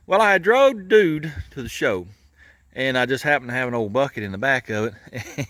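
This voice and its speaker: A man's voice: mid-range voice, lively intonation, normal speed, fairly bright tone. A man hosting a garage channel, talking folksy and casual while he works, chuckling and grumbling about how things are built.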